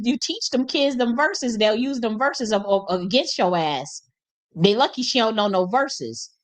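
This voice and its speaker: A young woman hosting a casual storytelling monologue, animated and colloquial, laughing often and swearing freely. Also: a little high. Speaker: host.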